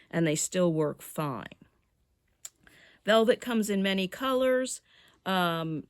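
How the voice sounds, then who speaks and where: Chatty female craft teacher, steady mid pitch, dry room. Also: no room sound. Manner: chatty, narrates each step as she works. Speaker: rug hooking instructor. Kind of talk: hands-on craft demonstration.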